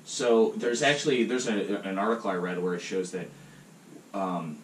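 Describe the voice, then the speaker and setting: Casual male podcast host, lowish voice, loose storyteller, recorded at a distance with faint hiss. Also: moderate pace. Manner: rambling, many fillers like "um" and "like". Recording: roomy, distant mic, faint noise.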